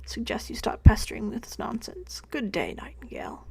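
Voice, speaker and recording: Woman doing a gruff proud man, curt, haughty, slightly raised pitch, gravelly edge. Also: huge pitch swings, a little fast, darkish tone, in a whisper, full character voice.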